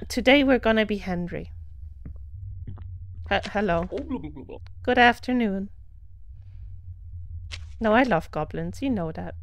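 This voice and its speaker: A woman's voice: medium pitch, no echo. A woman with a German accent, chatting casually while streaming a game, laughing and greeting followers. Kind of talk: casual live gameplay commentary.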